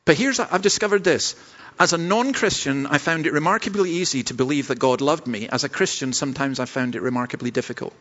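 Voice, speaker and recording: A man's voice: mid-range voice, fairly bright tone, highs cut off. A Scottish man, a pastor preaching a sermon, earnest and self-deprecating, with stumbling restarts. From Scotland.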